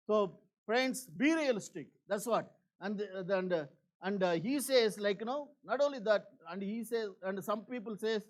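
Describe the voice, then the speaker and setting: Pastor guy with a high voice preaching, repeats himself a lot, lots of "like, you know", loud then hushed. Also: moderate pace. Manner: earnest, repetitive, many fillers. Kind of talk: sermon.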